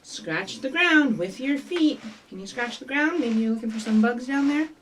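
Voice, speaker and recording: A woman reading a picture book aloud and leading rhymes for young children, in an animated, sing-song way with bright bird calls and prompts to join in. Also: on the high side, moderate pace, slight background noise. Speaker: children's librarian leading story time. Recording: voice from some distance from the mic.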